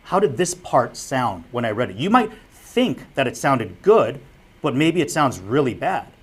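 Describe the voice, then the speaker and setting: A man's voice: mid-range voice, big pitch swings, measured pace, slightly rough. A man who works as a sportscaster, giving a public lecture on broadcasting in an earnest, direct way, repeating his key advice. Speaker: broadcasting instructor and former sportscaster.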